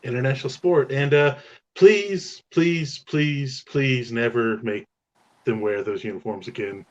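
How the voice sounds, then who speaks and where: A man's voice: mid-range voice, a little slow. Man, sports co-host, easygoing chat, muffled dull audio. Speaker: sports talk show co-host.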